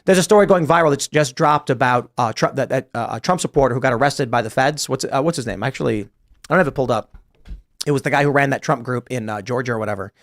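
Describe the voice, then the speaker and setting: Fast-talking male podcast host. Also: mid-range voice. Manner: fast, animated, acts out quoted shouts. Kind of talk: political panel discussion.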